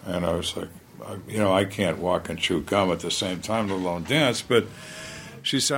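A man's voice: on the low side, normal speed, a bit bright, a little hiss or hum. An older man, a retired police lieutenant, telling candid stories in a blunt, plainspoken way with dry humor. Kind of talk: candid storytelling interview.

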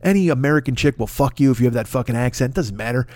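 A man's voice: mid-range voice, lively intonation, fast talker, a little mellow, no echo. A man ranting on a comedy podcast, profane and rambling, riffing as he goes. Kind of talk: comedic rant.

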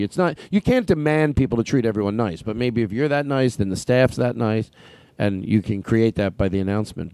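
A man hosting a podcast in an animated, laughing, comedic chat. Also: mid-range voice.

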